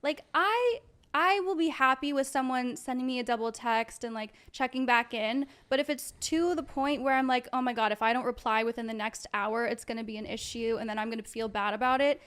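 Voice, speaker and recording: A woman's voice: fairly high pitch, a little fast, a bit bright. A woman chatting candidly on a podcast about her own relationships. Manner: candid, chatty, laughs easily. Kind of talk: casual chat.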